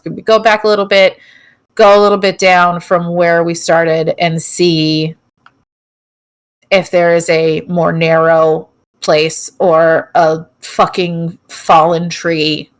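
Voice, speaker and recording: A woman's voice: fairly low pitch, steady tone, slow pace. A woman playing a tabletop game, blunt and swearing freely as she thinks aloud. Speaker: player. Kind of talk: tabletop role-play chat.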